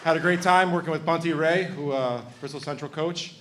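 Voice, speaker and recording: A man's voice: a little high, fairly even intonation, fairly quick, noisy background. A man in his thirties from Connecticut giving a heartfelt, emotional acceptance speech, joking with the audience. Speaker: hall of fame inductee.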